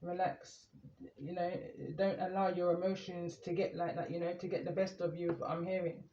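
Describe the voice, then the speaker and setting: High, flat-voiced man reading tarot. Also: normal speed, slight background noise. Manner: calm, meandering, reading cards aloud. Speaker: tarot reader. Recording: echoey room, muffled lo-fi sound.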